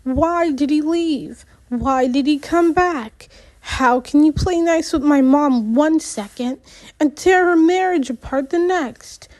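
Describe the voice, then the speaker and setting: Angry teen boy, read by a woman, loud and accusing, slow. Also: high-pitched, animated, pitched above the performer's own voice. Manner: raised voice, accusing.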